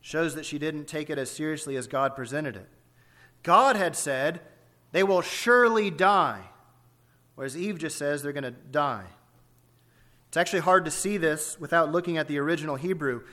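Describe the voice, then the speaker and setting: A male preacher delivers an expository sermon in a fairly high voice. His tone is bright and forceful. He drives his points home with emphasis and keeps putting rhetorical questions to his listeners. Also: moderate pace.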